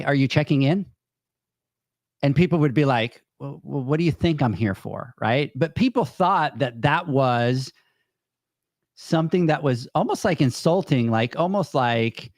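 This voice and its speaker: A man's voice: mid-range voice, no echo, studio quality. A man co-hosting a podcast, telling a work story in casual chat and acting out quoted lines. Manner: storytelling, acts out quoted dialogue. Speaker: podcast co-host.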